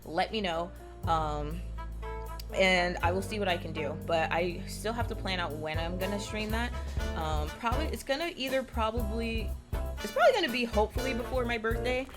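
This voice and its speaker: A woman streamer chatting to her live audience at a middling pitch, bubbly and overexcited, tumbling through likes and ums and cursing with hype. Jazzy game music plays clearly underneath her. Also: moderate pace. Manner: gushing and excitable, swears when hyped; rambling, with many likes and ums.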